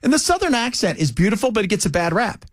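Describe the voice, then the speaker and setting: Animated man hosting talk radio. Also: high-pitched, quick pace, dry recording, clean studio sound. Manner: animated, teasing, storytelling. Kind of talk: casual talk radio chat.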